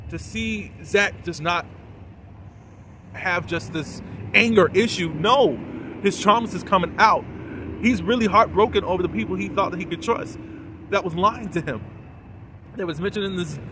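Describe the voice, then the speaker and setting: A man giving a casual, animated recap and review of a TV episode, full of fillers and quoted lines. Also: high voice, moderate pace, long pauses, noisy background.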